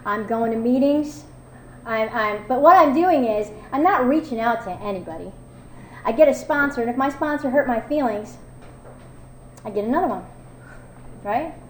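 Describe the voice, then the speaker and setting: A woman's voice: on the high side, animated, normal speed, long pauses, a little hiss or hum. A woman telling her own recovery story at a meeting, candid and self-mocking, with many fillers. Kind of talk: personal testimony talk. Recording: echoey room with faint ambience.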